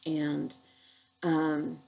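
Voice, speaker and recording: A middle-aged woman, a chemical dependency counselor, telling her personal recovery story in an earnest, halting, heartfelt way. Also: low voice, monotone, creaky, a little mellow, a little hiss or hum, rough recording.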